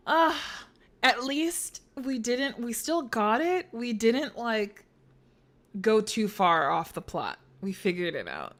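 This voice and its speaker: Slow-talking woman streamer thinking aloud. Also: sits high, expressive, a bit bright. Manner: thinks aloud, swears freely; playful, jokes between puzzles. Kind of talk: let's play commentary.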